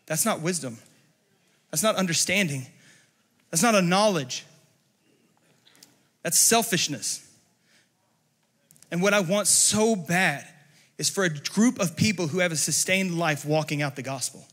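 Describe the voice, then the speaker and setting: A male pastor with a high, lively-pitched voice and a bright, forceful edge preaches in a church service. He is passionate and regularly works himself up to shouting. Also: moderate pace, pauses often, big-room sound. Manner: passionate, often rising to shouting. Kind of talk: sermon.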